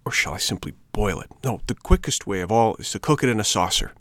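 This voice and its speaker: Man doing a wooden puppet boy, hungry, desperate, hushed, storybook voice. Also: on the low side, animated, fast, no echo. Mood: eager.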